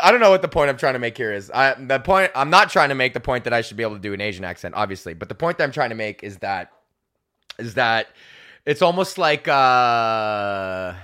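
A young male comic hosting his own podcast, his voice bright and forceful. He rambles and swears freely through a solo rant, laughing at his own jokes and slipping into mocking voices for the people he quotes. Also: medium pitch. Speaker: podcast host.

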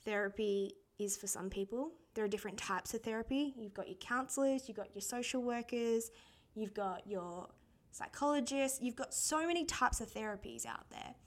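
Speaking at a moderate pace in a slightly high voice, a young Australian woman shares candid personal stories on her podcast. She's casual and chatty, laughing a lot as she talks.

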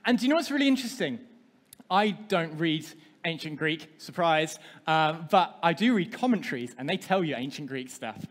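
High-voiced pastor in a hall. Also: male voice, lively intonation, moderate pace. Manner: interactive, asks the congregation questions. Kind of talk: sermon. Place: church hall. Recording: long hall reverb.

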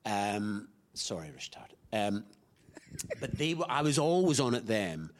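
A man's voice: fairly low pitch, sing-song, unhurried. A middle-aged man, an actor being interviewed, talking in a chatty, rambling way with many restarts. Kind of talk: casual interview chat.

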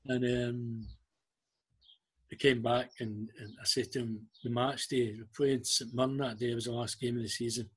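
An older Scottish man spins old workplace stories in a relaxed, chatty way. His voice has a husky, slightly rough edge, and he slips into the voices of the people he quotes. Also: mid-range voice, moderate pace. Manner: anecdotal, acts out quoted dialogue. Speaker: guest, former club liaison officer. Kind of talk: casual storytelling interview.

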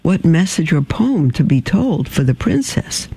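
Gentle storybook nun , read by a man, pitched up high, warm and gravelly underneath. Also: sing-song, a little slow, no room sound, full character voice. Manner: gentle, patient, slightly raised voice. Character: kindly older nun, gentle and firm.

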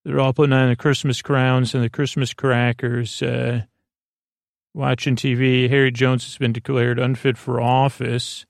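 A man hosting a sleep podcast, recapping an episode in a meandering, halting way full of fillers and restarts. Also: mid-range voice, flat delivery, creaky, dry recording, studio quality. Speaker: podcast host.

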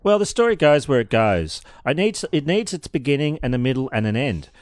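Playful podcast co-host, hugely swooping pitch. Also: sing-song, a little fast, no room sound. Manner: playful, mocking, laughs often. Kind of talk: casual banter.

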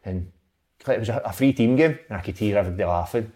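A man's voice: on the low side, racing, dark tone. A Scottish man, a former footballer, chatting casually and rambling through anecdotes with the odd swear word. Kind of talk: casual chat about his playing days.

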